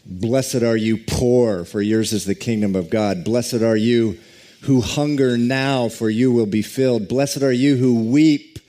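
Slow, mellow-voiced preacher man. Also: mid-range voice. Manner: slow, deliberate preaching with drawn-out emphasis and quiet prayer. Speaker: pastor. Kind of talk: sermon.

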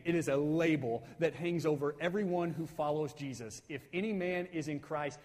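A man preaching a sermon as pastor, building to excited, emphatic bursts and tagging points with "right?". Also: a little high, big-room sound. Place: church sanctuary.

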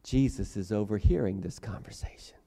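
A man preaching a sermon, reading scripture and then preaching dramatically, swinging from quiet passages to loud, forceful ones. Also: lowish voice, brisk, gravelly, big-room sound. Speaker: pastor.

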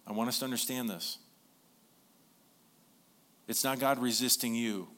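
Male pastor, mid-range pitch, bright forceful tone, earnest conversational sermon delivery. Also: steady tone, a little fast, pauses often. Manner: earnest, conversational preaching with repeated phrases.

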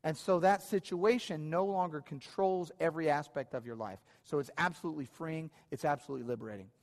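Male pastor, slightly raised pitch, preaching conversationally with restarts, long hall reverb. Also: brisk, darkish tone. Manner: conversational, many restarts and repeated phrases. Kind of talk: sermon. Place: church hall.

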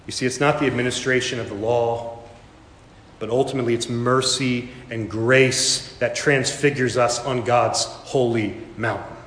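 A man's voice: mid-range voice, steady tone, normal speed, a bit bright. A man preaching a sermon, telling a story with dramatic rises and voicing the characters in it. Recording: echoey hall, reverberant room.

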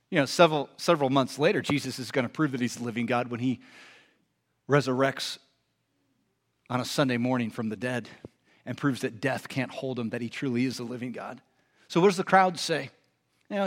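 High-voiced pastor preaching conversationally. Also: male voice, fairly quick, a bit bright. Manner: conversational, emphatic, rhetorical questions. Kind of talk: sermon.

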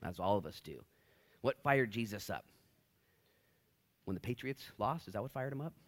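A man preaching a casual, jokey sermon in a church. He swings from loud, excited bursts to hushed whispers. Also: on the low side, normal speed. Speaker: pastor. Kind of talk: expository sermon. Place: church sanctuary.

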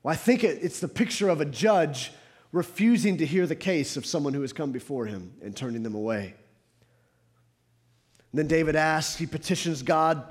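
A man preaching a sermon as a pastor, building to fervent emphasis and then dropping to hushed, quiet passages. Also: a little high, moderate pace. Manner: rises to fervent emphasis, drops to hushed tones.

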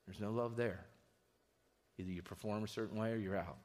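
A middle-aged man preaching a sermon as a pastor, telling stories in a lively, conversational way. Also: lowish voice, brisk, long pauses. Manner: storytelling, animated and conversational. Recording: reverberant hall.

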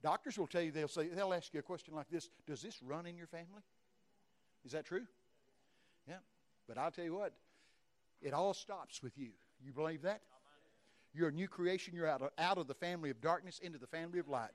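A male Baptist preacher, telling folksy stories in a sermon and breaking into sudden loud bursts. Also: on the high side, brisk, pauses often. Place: church.

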